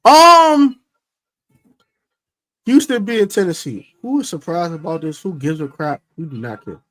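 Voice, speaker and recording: A man hosting a casual football podcast, brash and excitable, trash-talking teams and players. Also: fairly high pitch, brisk. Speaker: podcast host. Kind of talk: casual sports podcast chat.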